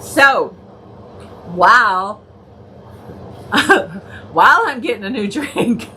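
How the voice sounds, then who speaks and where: A woman hosts a home crafting stream, laughing so hard she can barely get her words out. Her voice is bright and bouncy, and she talks at an easy, unhurried pace. Faint room noise sits behind her. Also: on the high side, lively intonation. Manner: giggly, laughing through her words, chatting to viewers by name. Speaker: crafting livestream host. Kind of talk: casual live crafting chat.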